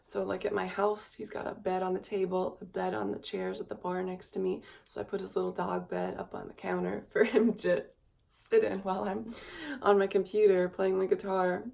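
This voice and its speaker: With a gravelly, darkish voice, this woman talks at normal speed in a flat delivery. The tired twenty-something vlogger rambles wistfully in a confessional recorded on a camera mic, at times cooing in a high baby voice.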